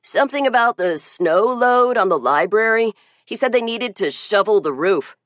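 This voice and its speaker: A woman's voice: mid-range voice, animated, normal speed, no room sound, pitched above the performer's own voice, natural voice. A woman voicing a sulky, whining teenage boy in an audiobook. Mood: matter-of-fact. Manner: whining, complaining.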